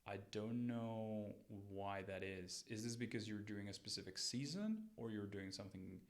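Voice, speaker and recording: A man's voice: on the low side, moderate pace. A man hosting a show where he reviews listeners' podcasts, giving friendly and direct coaching advice in a casual way.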